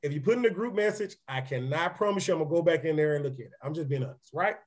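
A man with a raspy voice gives a live-streamed motivational business presentation, energetic and chatty, often checking in with his listeners. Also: fairly high pitch, very fast. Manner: energetic, conversational, often asks "right?"; repeats words and restarts sentences. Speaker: real estate presenter.

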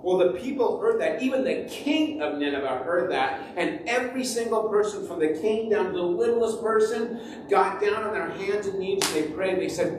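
A man as pastor, telling a Bible story to children in an animated way and acting out its voices. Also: high voice, normal speed, background noise. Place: church sanctuary. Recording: echoey church from far off.

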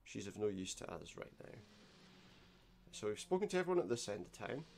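A man's voice: fairly low pitch, very animated, fairly quick, creaky, slight background noise. A man giving gameplay commentary, reading game text aloud with dry, sarcastic asides. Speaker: let's play host.

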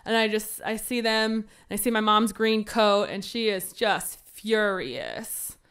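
A woman podcast host telling a funny personal story in a casual, animated way, acting out her younger self's lines. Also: mid-range voice, unhurried.

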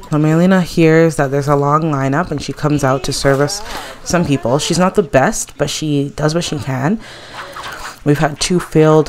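A woman hosting a casual let's play, chatting gossipy commentary over her game and laughing often. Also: sits low.

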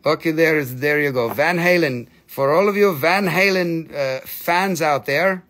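A man's voice: on the high side, a little slow, fairly bright tone. A man chatting through a live sales stream of crystals, playful and joking, slipping into put-on broken-English voices.

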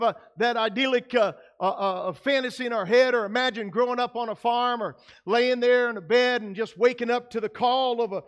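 High-voiced preaching pastor. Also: male voice, fairly bright tone. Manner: conversational preaching with frequent fillers. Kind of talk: sermon. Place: church sanctuary.

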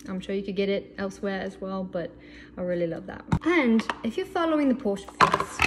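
A woman demos her favorite meal prep gadgets in a home kitchen, chatting and joking as she goes. Her voice sits at a middling pitch, and loud background noise runs under the recording. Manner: chatty, enthusiastic, playful asides. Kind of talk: casual kitchen demo video.

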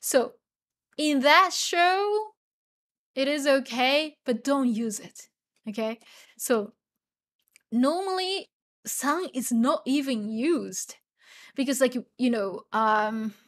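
A woman's voice: high-pitched, animated, slow pace, long pauses, fairly bright tone. A tired woman with a Japanese accent, native speaker of Japanese, teaching the language in a casual livestream Q&A, chatty with lots of fillers. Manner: chatty, many fillers, laughs often, spells out words.

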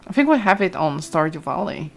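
A woman's voice: fairly low pitch, sing-song, fairly quick, vocal fry. A young woman from Brazil, chatting casually over gameplay, exclaiming often and reading chat aloud. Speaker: streamer.

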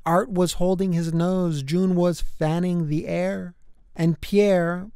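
Slow, smooth children's storybook reader. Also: mid-range voice, fairly even intonation, warm tone, no room sound, clean studio sound. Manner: rhythmic rhyming delivery with playful character voices. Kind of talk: storybook read-aloud.

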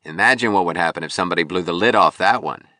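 A man's voice: low voice, fast, sharp tone, no echo, clean studio sound. A man reading an audiobook, voicing a bitter, broken young male sculptor who pleads and turns suspicious.

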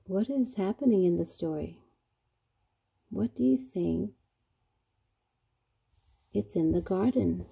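A woman teacher reads a picture book aloud to young children, stopping to ask questions. She speaks slowly and patiently. Her voice is husky and dark. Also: mid-range voice, lively intonation.

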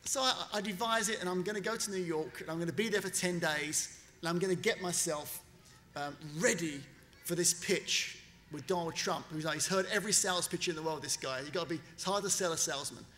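A man's voice: high-pitched, a little fast, slight background noise. A man giving a graduation speech, telling a story with energy and acting out the people he quotes. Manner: animated storyteller, acts out quoted voices. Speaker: commencement speaker. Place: graduation ceremony venue. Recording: long reverb of a large venue.

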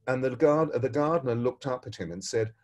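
A man, a spiritual teacher, tells a parable and gives a spiritual talk in an expressive, dramatic way, shifting his pace and loudness. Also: mid-range voice, fairly quick.

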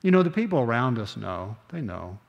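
Older pastor preaching in a reverberant sanctuary. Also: male voice, mid-range voice, very animated, gravelly, dull audio. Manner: earnest, slows down on key phrases, conversational asides. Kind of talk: sermon. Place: church sanctuary.

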